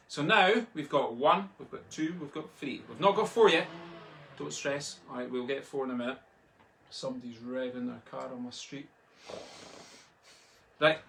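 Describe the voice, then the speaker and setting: A Scottish man teaching a drumming lesson online from home, talking in a relaxed, chatty way and chanting the sticking patterns aloud. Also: a little high, heavy background noise. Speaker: drum tutor. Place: home, a street outside.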